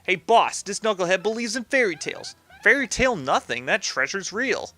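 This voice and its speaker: A man's voice: high voice, sing-song, normal speed, bright, forceful tone, voice pushed up, heavily acted. A man voicing dim, eager male mob henchmen from a video game, whining and fawning over their boss. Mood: whiny. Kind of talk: reading game dialogue aloud in voices.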